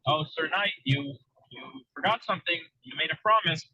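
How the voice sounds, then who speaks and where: A man's voice: a little high, normal speed, sharp tone, no echo, rough recording. A man doing a cunning old hag. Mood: coaxing. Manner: pleading, coaxing.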